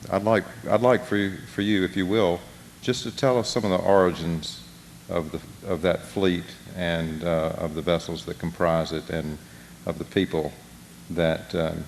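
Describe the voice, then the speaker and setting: A man hosting a storytelling event, introducing a guest haltingly with many ums. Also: low voice, fairly even intonation, gravelly. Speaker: event host. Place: festival stage. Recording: hall reverb, faint noise.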